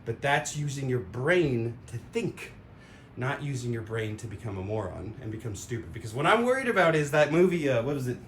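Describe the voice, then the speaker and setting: A man's voice: big pitch swings, brisk. A man giving a casual, rambling opinion monologue, full of fillers and sound effects. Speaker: vlogger. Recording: roomy echo with faint rumble.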